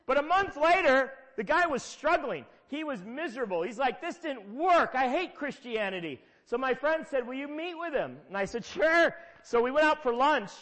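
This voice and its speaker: High-voiced pastor in a hall. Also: male voice, animated, moderate pace, few pauses, a bit bright. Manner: conversational storytelling with emphatic repetitions. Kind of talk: sermon. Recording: long hall reverb.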